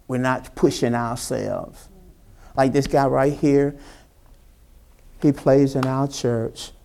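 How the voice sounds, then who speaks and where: A man preaching a sermon, retelling a story with dramatic voices for its characters and questioning his congregation directly. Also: creaky. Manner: preaching with dramatic character voices, rising to high excited pitch. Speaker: pastor.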